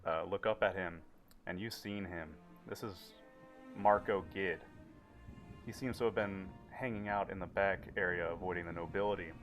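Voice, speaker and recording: A man's voice: low-pitched, fairly even intonation, normal speed, a bit bright, soft background music, rough recording. A man narrating a tabletop game as game master, with vivid, casual narration.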